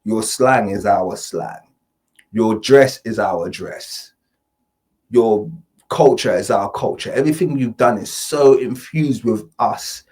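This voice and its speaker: A man's voice: on the low side, takes it slowly, a little mellow, breathy edge. A man hosting an opinion commentary vlog from his home studio, emphatic, repetitive and confrontational. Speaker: host.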